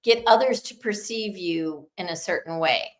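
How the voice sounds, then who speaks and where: A woman's voice: on the low side, moderate pace, roomy sound. A woman co-hosting a talk show, clarifying points in a conversational way. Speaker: podcast co-host.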